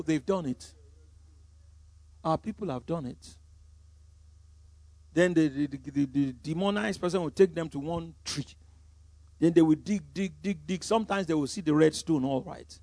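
High, gravelly Nigerian pastor preaching. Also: male voice, normal speed, long pauses, no echo. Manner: emphatic, swings from loud declarations to quiet asides. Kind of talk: sermon.

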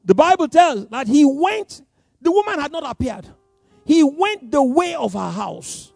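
Male preacher in a sermon, high and very lively voice, dry close sound, faint music underneath. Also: unhurried, creaky, no room sound. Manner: animated, swings from loud emphasis to soft asides; laughs between points.

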